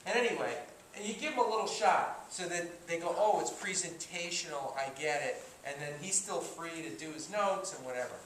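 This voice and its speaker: A man teaching an acting class, talking in an animated way and stopping often to act out lines as examples. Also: fairly high pitch, fairly quick, hardly any pauses. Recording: echoey room from far off, faint noise.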